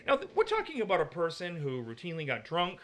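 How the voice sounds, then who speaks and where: A man's voice: fairly high pitch, huge pitch swings, fast, a bit bright. A man leading a teaching discussion on the Bible, arguing his points emphatically. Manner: emphatic, argumentative.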